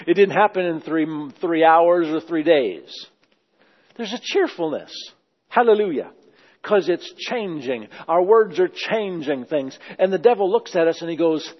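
A man preaching a sermon, emphatic and repeating his phrases as he praises. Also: high-pitched. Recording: dull, echoey hall sound.

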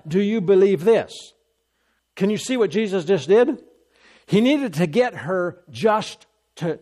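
A man's voice: high voice, animated, measured pace, a little mellow. A man preaching a sermon, emphatic and repetitive, acting out the dialogue of scripture. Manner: emphatic, repeats phrases, acts out scripture dialogue.

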